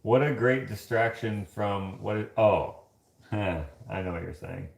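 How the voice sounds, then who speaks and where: A man's voice: on the low side, measured pace, vocal fry, roomy sound. A man hosting a casual live stream, chatting and joking with viewers while he does the dishes in his kitchen. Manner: chatty, joking, laughs often. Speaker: livestream host reading chat. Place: home kitchen.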